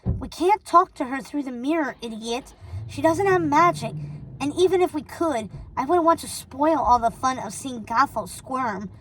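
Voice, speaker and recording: A woman's voice: sits high, animated, moderate pace, slight background noise, rough recording. A woman doing a cold, spiteful witch sister. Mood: scornful. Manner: cold, cutting and scornful. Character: sly, spiteful elder witch sister, bossy.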